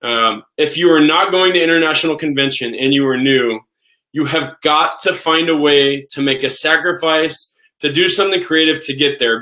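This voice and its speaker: Man, thirties, live Q&A host, bright tone, enthusiastic, restarts and repeats himself. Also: fairly high pitch. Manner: enthusiastic, excitable, repeats words and restarts often. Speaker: host of a live question-and-answer stream. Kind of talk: casual live Q&A chat.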